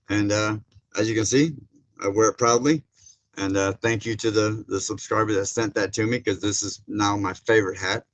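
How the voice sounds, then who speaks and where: A man's voice: fairly low pitch, fairly bright tone. Folksy man chatting on a livestream. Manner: folksy, laughs often, many fillers. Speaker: livestream host reading chat. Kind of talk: casual live chat. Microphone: streaming setup mic.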